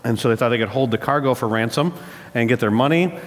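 A man preaching a sermon as pastor, mid-pitched and steady. He builds his points through emphatic repetition and storytelling. His voice carries a long reverb tail, as if recorded in a large church hall. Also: fast.

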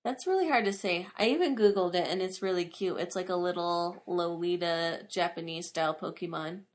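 A woman's voice: fairly low pitch, a little fast. A young woman co-hosting a podcast, chatting casually in a giggly, playful way. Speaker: podcast co-host. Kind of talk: casual chat.

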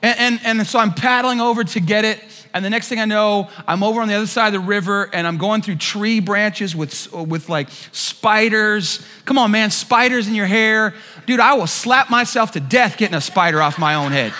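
Brief: animated male pastor, high bright voice, storytelling sermon in a reverberant church. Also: normal speed. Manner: animated storyteller, acts out quotes with shouts. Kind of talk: sermon with a humorous personal story. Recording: long hall reverb.

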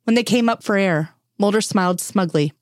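A woman's voice: mid-range voice, fairly quick, a little mellow. A woman narrating a fan fiction story and voicing all of its characters herself.

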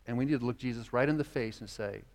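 A man's voice: medium pitch, fast talker, a little mellow. A man preaching a sermon as pastor, earnest, voicing quoted dialogue as he speaks. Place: church sanctuary. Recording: long church reverb.

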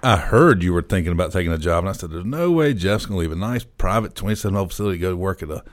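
A man with a very deep voice hosts a casual interview. He stays relaxed and keeps the talk going with short agreeing replies. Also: rapid-fire.

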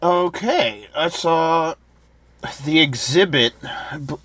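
Bright-voiced male co-host, sardonic TV reviews, dry close mic. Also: a little high, expressive, slow pace, no echo. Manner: chatty and sardonic, mocks what he reviews. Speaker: podcast co-host. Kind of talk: casual chat reviewing TV shows.

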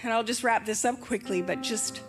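A woman's voice: a little high, moderate pace. An older woman preaching a sermon, emphatic and fervent, repeating her rallying phrases. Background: music.

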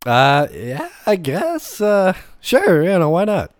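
A man's voice: high-pitched, huge pitch swings, slow, no room sound, studio quality. A man co-hosting a podcast, rambling through ideas in casual chat and laughing often. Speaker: podcast co-host.

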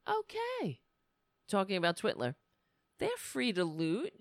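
A woman commentator ranting with scorn and biting sarcasm. Her pitch rises and falls widely as she presses each point, and she takes her time. The sound is close and dry. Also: huge pitch swings, unhurried, no echo. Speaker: political commentator. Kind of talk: angry commentary rant.

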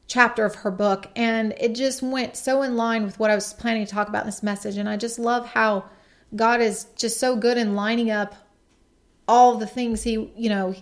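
Woman, gravelly, devotional message, earnest, reflective. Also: a little high. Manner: earnest, reflective, reads quotes aloud. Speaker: podcast speaker.

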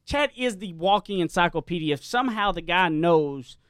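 A man's voice: sits high, expressive, normal speed, fairly bright tone, clean tone, no echo, studio quality. A man with a rural American accent, hosting a casual chat and telling rambling stories with lots of restarts. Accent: rural American Southern. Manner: self-described redneck drawl, rambling storyteller. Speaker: podcast host.

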